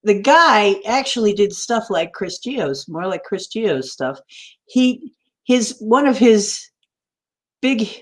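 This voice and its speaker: A woman's voice: mid-range voice, expressive, slow pace. A woman hosting a casual chat, rambling and giggling between puns and jokes.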